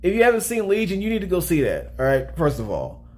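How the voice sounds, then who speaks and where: A man's voice: high-pitched, wildly swooping pitch, fast talker. A man casually talking through a movie review in a chatty way, often checking in with "all right?".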